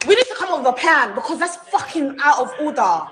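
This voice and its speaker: A woman's voice: high-pitched, big pitch swings, fast talker, noisy background. A woman indignantly recounting being thrown off a podcast, laughing as she vents. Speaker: podcast guest. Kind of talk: venting story. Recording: roomy echo.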